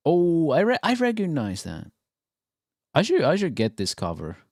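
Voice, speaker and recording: A man's voice: fairly high pitch, huge pitch swings, moderate pace, a little mellow, dry recording, clean studio sound. A young man hosting a casual reaction livestream, laid-back, swearing casually and laughing often. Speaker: livestream host. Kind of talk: casual reaction-stream chat.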